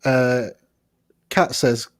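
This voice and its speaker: A man co-hosting a casual advice podcast in a studio, giving joking, deadpan advice. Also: mid-range voice, extremely slow, no room sound. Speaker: podcast co-host.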